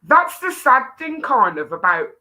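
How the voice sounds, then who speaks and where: Brummie woman host, bright and lively, effusive interviewer. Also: high-pitched, measured pace. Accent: Birmingham. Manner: animated, effusive, enthusiastic interviewer. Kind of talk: casual interview chat.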